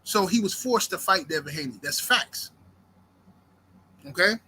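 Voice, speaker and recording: Fired-up, high-voiced man ranting about boxing. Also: expressive, measured pace, bright, forceful tone, slightly rough. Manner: profane, fired-up, fires rhetorical questions. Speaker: boxing commentator host. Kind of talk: heated live boxing commentary rant.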